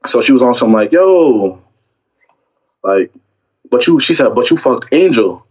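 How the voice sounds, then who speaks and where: A young man with a husky voice tells a story in casual chat and acts out every line of the argument. His voice is mid-pitched. The recording sounds dull and lo-fi. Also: unhurried. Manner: animated storytelling, acting out both sides of an argument.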